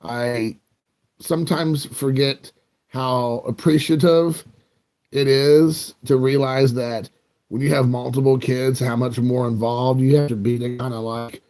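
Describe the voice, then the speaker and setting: A man's voice: medium pitch, steady tone, a little slow, a little mellow. A man in his forties, from the United States, chatting casually with viewers in a rambling, joking, self-mocking way. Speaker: card collecting channel host.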